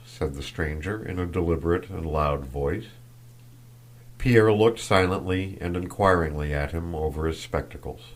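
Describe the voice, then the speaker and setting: A deep-voiced man narrating an audiobook in measured, even tones. His low register stays steady as he carries the story along. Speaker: audiobook reader. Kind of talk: scripted narration.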